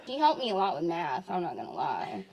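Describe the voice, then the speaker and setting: A woman's voice: on the low side, fairly quick, vocal fry, rough recording. Give me a young woman giving a laughing, jokey wedding toast as maid of honor. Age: 20s. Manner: jokey, animated storytelling with laughs. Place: wedding reception.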